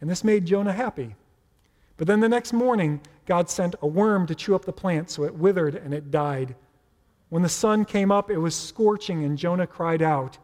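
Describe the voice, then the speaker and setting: A man's voice: a little high, normal speed, a little mellow. A man preaching a sermon as pastor, in a conversational, playful way with asides. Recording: reverberant hall.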